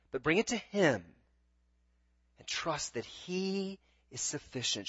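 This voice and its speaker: A man preaching a sermon in a slightly high voice, earnest and pleading. He often trips over his words and restarts a phrase, repeating it as he presses on. The sound is dry and a bit muffled, like a lo-fi recording. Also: fairly bright tone, slightly rough, no room sound. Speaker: pastor.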